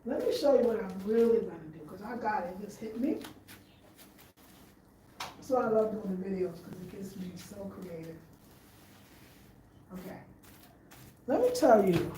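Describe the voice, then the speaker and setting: A woman's voice: mid-range voice, expressive, moderate pace, long pauses, mellow. Chatty woman vlogging in an echoey room. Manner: chatty, thinking aloud, repeats herself. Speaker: home design vlogger. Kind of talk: casual home-tour vlog. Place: living room at home, indoors. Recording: echoey room, faint room noise.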